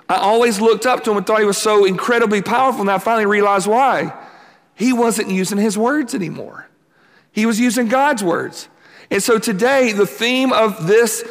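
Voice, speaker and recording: A high-pitched man preaching a sermon at a camp, telling a story and voicing the people in it as he goes. His voice rings out with a long hall reverb behind it. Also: fairly bright tone. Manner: storytelling, acts out quoted exchanges.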